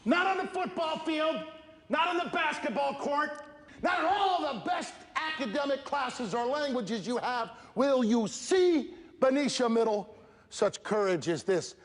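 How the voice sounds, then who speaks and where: A man giving an energetic, emphatic motivational speech at a school assembly, speaking straight to the students. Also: extremely high pitch, a little slow. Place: school gym or auditorium. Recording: echoey hall, crowd noise. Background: student audience.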